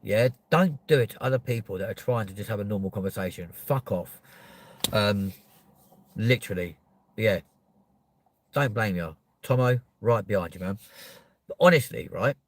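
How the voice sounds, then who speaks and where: A man from Kent, ranting on a live stream and answering chat, swearing and often rising to shouting. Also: lowish voice, animated, moderate pace, pauses often, dry recording. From Kent, England. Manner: profane, heated, swings into shouting. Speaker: livestreamer.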